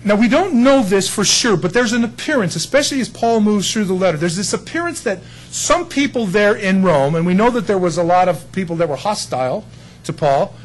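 A man's voice: high-pitched, animated, a little fast, rough recording. A male pastor giving a conversational sermon, acting out quotes of the people he talks about. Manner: conversational preaching with acted-out quotes.

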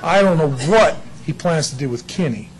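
A man's voice: fairly high pitch, lively intonation, normal speed, a faint crowd, slight background noise, low-quality recording. A man preaching a casual, storytelling sermon who acts out quoted characters and laughs often.

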